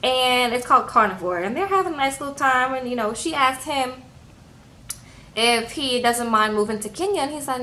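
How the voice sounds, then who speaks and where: A woman's voice: high-pitched, normal speed, slight background noise. A woman, recapping a reality show in casual talk and acting out the people's lines with sass, tagging "okay?" onto her sentences. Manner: animated, sassy, frequent "okay?" tags.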